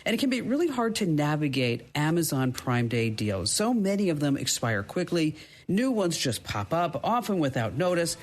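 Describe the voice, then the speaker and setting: A woman's voice: low voice, very animated, moderate pace. A woman hosting a podcast interview who talks in a chatty way, with storytelling asides. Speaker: podcast host.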